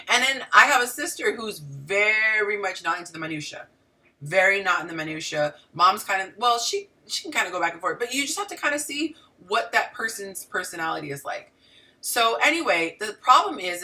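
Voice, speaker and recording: Bright-voiced woman coach, slightly off-mic. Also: lowish voice, distant mic. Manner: animated, talks to the audience directly with frequent asides. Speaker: relationship coach and show host. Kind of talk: casual livestream talk to viewers.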